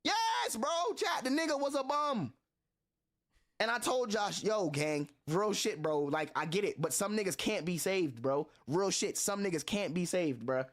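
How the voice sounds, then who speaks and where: A man's voice: high-pitched, expressive, measured pace. A man streaming, telling a story to his chat in an earnest, blunt way with heavy slang and a lot of repetition.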